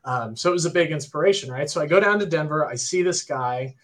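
A man in his thirties, a guitarist, telling a story in casual chat, animated and excitable, full of "like" and "right?". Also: fairly high pitch, fast.

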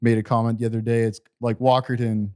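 A man's voice: mid-range voice, little pitch movement, quick pace, a little mellow. A man hosting a casual podcast chat in a laid-back, rambling way. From Canada. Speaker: podcast host. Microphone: remote call.

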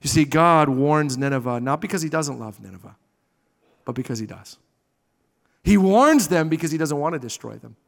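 High-voiced preacher in a reverberant hall. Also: male voice, expressive, moderate pace, creaky. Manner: dramatic, swings from loud to hushed. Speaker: pastor. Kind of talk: sermon.

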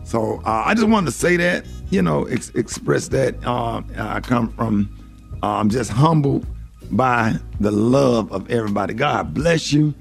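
A man hosting a radio show and doing comedy, speaking in a heartfelt, halting way with many fillers. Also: medium pitch, lively intonation, gravelly, faint music behind.

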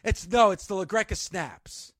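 A man with a strikingly high voice rants as a radio host, emphatic and exasperated, pleading for change. The sound is bone-dry and close on a studio microphone. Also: moderate pace, a bit bright, no echo. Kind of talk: ranting sports radio talk.

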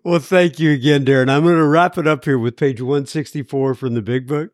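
A man's voice: a little high, fairly even intonation, fairly quick, dry recording, studio quality. Easygoing male podcast host. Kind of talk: casual podcast chat.

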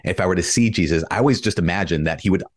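A Catholic priest speaks in an interview with a deep, low voice. He explains things earnestly and gets animated in his anecdotes, raising his voice when he imitates himself. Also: very fast. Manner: earnest, animated storytelling, mimics himself with raised voice. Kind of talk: conversational interview.

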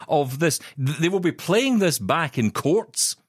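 A man's voice: on the high side, big pitch swings, measured pace, breathy edge, dry recording. A man co-hosting a tech podcast in casual chat, dry and self-deprecating, stumbling over restarts. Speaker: podcast co-host.

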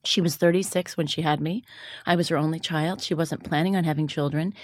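A woman's voice: low voice, steady tone, fairly quick, dry recording, clean studio sound. A woman guest talking reflectively about her childhood in a casual interview.

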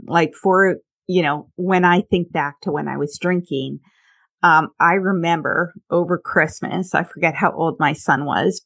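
A woman's voice: on the low side, a bit bright. A woman in her thirties telling personal stories candidly in a casual chat, with many fillers. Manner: candid, uses fillers, tells anecdotes.

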